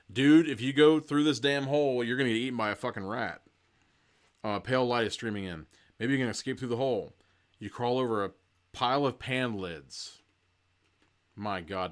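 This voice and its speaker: A man hosting a live comedy show, reading a children's gamebook aloud with mock-dramatic delivery and swearing, rambling tangents in between; he is tired and hungry. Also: on the low side. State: sleep deprived and hungry. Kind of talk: live comedic read-along with profane asides.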